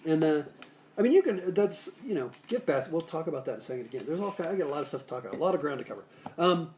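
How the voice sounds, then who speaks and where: A man with a slightly raised pitch hosting a live cocktail show in a loose, jokey way. He rambles through bartending tips, restarts sentences and wanders into asides. There is faint noise behind him. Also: animated, racing, a little mellow. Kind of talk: casual live-stream chat with bartending tips. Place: Salt Lake City area.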